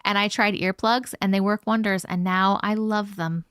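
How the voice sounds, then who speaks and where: A young American woman hosts a live stream, chatting casually as she reads viewer comments, swearing freely, laughing often and peppering her talk with "like." Her mid-range voice is steady, fairly bright and clean, at a normal speed, captured dry with studio quality.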